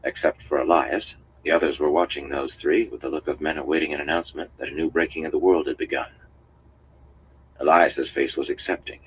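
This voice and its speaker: A man reading a fantasy novel aloud on a live stream in a steady, even way. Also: very deep voice. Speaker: audiobook reader. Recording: dull lo-fi stream audio, faint hiss.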